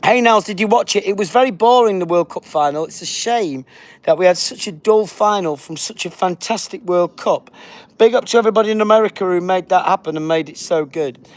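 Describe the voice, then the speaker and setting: A man's voice: high-pitched, brisk. Chatty man on a livestream. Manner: chatty, reads viewer comments aloud, says big up yourself; puts on a flight announcement voice. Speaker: livestream host. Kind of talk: casual livestream chat reading comments.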